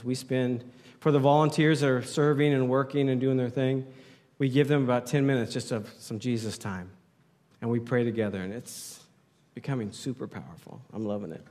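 A man's voice: medium pitch, a little mellow. A man preaching a sermon as pastor, playful and joking with the congregation, speaking into a handheld mic. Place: church hall. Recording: hall reverb.

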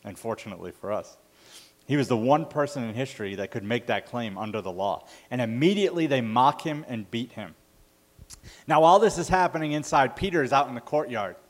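Male pastor, mid-pitch, casual conversational sermon delivery with fillers. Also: lively intonation, fairly quick. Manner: conversational, self-correcting with fillers.

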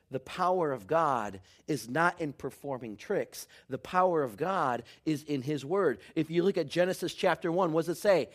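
A man preaching a sermon, swinging between shouted lines and near whispers. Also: mid-range voice. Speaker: pastor.

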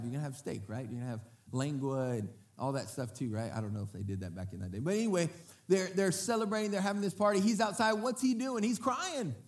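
A man preaching a sermon to his congregation. He speaks in a lively way, asks the crowd to repeat words back to him, and often acts out what other people say. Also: mid-range voice, creaky. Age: adult parent. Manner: lively, often breaks into acted quotes. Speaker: pastor.

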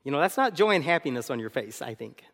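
A man preaching a sermon as co-pastor, animated, acting out arguments and laughing often. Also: medium pitch, quick pace, vocal fry, in a large hall.

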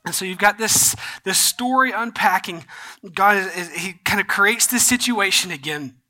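A young man delivers a sermon with a bright, high voice. He talks casually, full of "like" and restarts, and drifts into personal stories. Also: moderate pace. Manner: storytelling, conversational with many fillers. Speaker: pastor.

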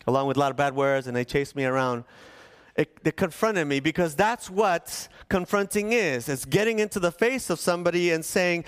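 A man from Southern California, a pastor preaching a sermon and telling a story with lively, shifting pace. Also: a little high. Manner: animated storytelling, shifts between fast and slow.

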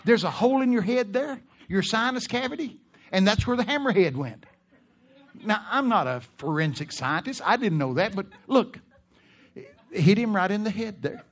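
A middle-aged man, preaching in a folksy, laughing storytelling manner that breaks into loud shouts. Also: sits high, expressive, moderate pace. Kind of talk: sermon storytelling.

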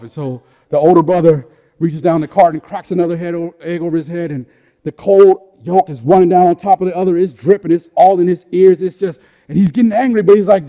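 High-voiced preacher, loud then hushed. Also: male voice, brisk, long reverb tail. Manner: rhetorical questions and repeated phrases. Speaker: pastor. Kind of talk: sermon.

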